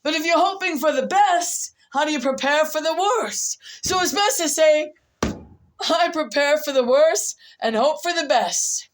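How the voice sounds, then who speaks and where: A woman vlogger rambling through casual commentary, repeating herself and muttering asides as she goes. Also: sits high.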